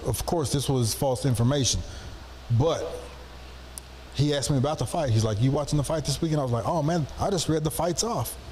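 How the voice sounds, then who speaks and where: A man from Texas telling a rambling, relaxed anecdote on a podcast. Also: medium pitch, slight background noise. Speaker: podcast co-host. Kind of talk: casual storytelling.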